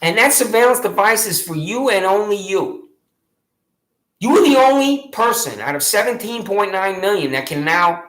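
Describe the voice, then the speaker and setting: A man's voice: high voice, a bit bright. A man telling his own grievance in the second person, repeating himself emphatically and addressing himself by name. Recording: echoey room.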